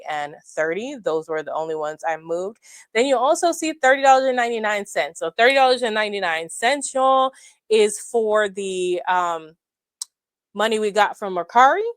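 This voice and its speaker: A woman's voice: medium pitch, no room sound. Chatty woman, y'all-heavy. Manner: chatty, animated, addresses viewers as y'all. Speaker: budgeting vlogger. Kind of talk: casual budget walkthrough. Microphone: clip-on mic.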